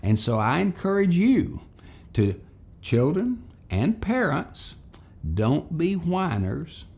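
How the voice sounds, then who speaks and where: A man telling a folksy childhood story as a lesson for children and parents. His voice swings widely in pitch with lively expression, carrying a gravelly rasp through it. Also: slow.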